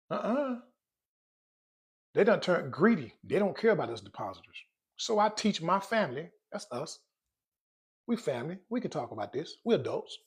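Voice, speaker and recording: Husky, animated male finance vlogger. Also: high voice. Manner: animated, joking, addresses viewers directly. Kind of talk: casual chat to camera.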